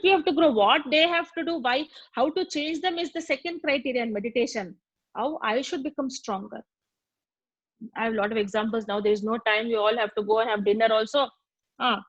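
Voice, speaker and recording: Spiritual teacher, Indian English accent, high bright woman's voice, dry close recording. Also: dry recording, highs cut off. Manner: animated storyteller acting out dialogue. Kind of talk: spiritual class with storytelling.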